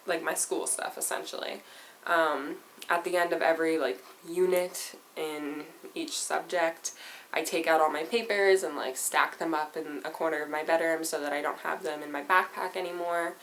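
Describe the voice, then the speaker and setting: A woman's voice: low voice, a bit bright, slight background noise, low-quality recording. A teenage girl vlogging in a casual, rambling way, saying "like" all the time. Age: teens. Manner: chatty, rambling, says "like" constantly. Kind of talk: casual chat to camera.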